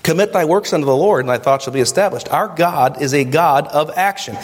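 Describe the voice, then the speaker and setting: Male pastor, animated sermon delivery full of rhetorical questions, reverberant sanctuary. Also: on the high side, fairly quick. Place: church sanctuary. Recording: long reverb of a church hall. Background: congregation.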